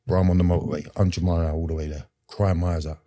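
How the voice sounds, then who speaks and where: A man's voice: deep voice, little pitch movement, very fast, warm tone. A man, a podcast guest telling his personal story in an earnest, rambling way with street slang and lots of fillers.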